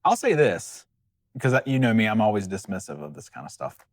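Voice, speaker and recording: Low-voiced man, joking and emphatic. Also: sing-song, a little fast, creaky, dry recording, clean studio sound. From West Virginia. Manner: joking, emphatic, repeats himself. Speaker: co-host. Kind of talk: casual chat.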